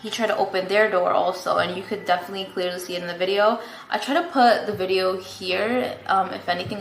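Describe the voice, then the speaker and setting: A woman's voice: mid-range voice, fairly bright tone, a little hiss or hum. A young woman vlogger telling a story-time update in a casual, rambling way, full of fillers and "like", from her apartment. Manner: chatty, rambling, lots of fillers and "like". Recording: echoey room, faint ambience.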